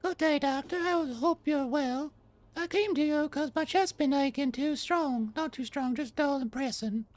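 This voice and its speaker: A man putting on a high, thin falsetto for a meek village patient. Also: normal speed, no echo. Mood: polite, timid. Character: meek male villager patient with chest pain. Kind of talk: reading game dialogue aloud in a put-on voice.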